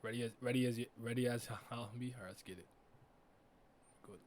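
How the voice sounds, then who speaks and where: A man giving a casual reaction commentary as a streamer, laughing and swearing with loud frustrated outbursts. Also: mid-range voice, steady tone, a little fast, slight background noise. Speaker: streamer reacting to an anime episode.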